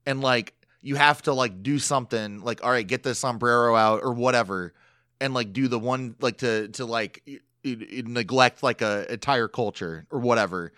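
A man's voice: mid-range voice, moderate pace, pushed and bright, dry recording, clean studio sound. A young man co-hosting a podcast, chatting casually in a rambling way full of fillers and frequent laughs. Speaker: podcast co-host. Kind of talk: casual chat recapping a reality show.

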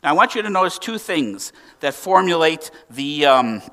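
Male pastor, higher-pitched bright voice, animated sermon delivery, slightly distant church mic. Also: moderate pace. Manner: animated preaching with emphatic rises and hushed drops.

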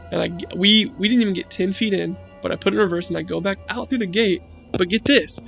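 High-voiced young man telling a spooky story. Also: gravelly. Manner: profane, rambling, heavy use of "like".

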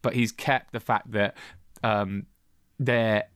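A man's voice: on the low side, steady tone, slow pace, a bit bright, smooth, dry recording, clean studio sound. A man co-hosting a film review chat, retelling scenes with enthusiasm. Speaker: podcast co-host.

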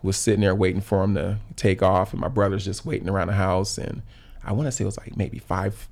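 A man in his thirties from South Los Angeles, speaking low with a gravelly, creaky texture. He tells stories in relaxed conversation, reflective and unhurried, often restarting his sentences and leaning on fillers. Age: 30s. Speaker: podcast guest. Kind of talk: casual conversational storytelling.

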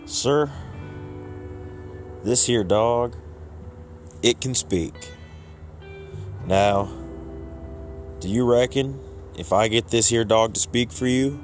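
Guy doing a wheedling folksy drifter, drawls, voice pushed up high. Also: slow, long pauses, faint music behind, close to an everyday voice. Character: folksy drifter man with a talking dog, wheedling.

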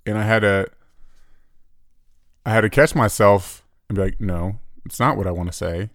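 A man's voice: lowish voice, normal speed, no echo, studio quality. A man in his thirties co-hosting a casual podcast, telling a story in an earnest, reflective way. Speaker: podcast co-host.

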